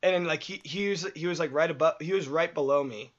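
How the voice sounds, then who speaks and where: High-voiced young man telling stories. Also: fast, lo-fi sound. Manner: rambling storyteller, many likes and laughs. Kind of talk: casual chat.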